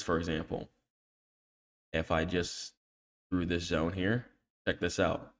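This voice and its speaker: Man, gravelly, slangy trading tutor, keeps saying okay. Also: deep voice. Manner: slangy, repeats "okay?" after nearly every point; scolds emphatically when warning against emotional trading. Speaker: trading educator. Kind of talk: screen-share chart tutorial.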